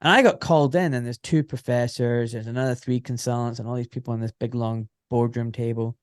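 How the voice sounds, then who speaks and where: A man's voice: medium pitch, fairly even intonation, brisk, smooth, no echo, clean studio sound. A Scottish man in his forties, an orthopaedic surgeon, telling stories in a casual, rambling interview full of filler phrases. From Scotland.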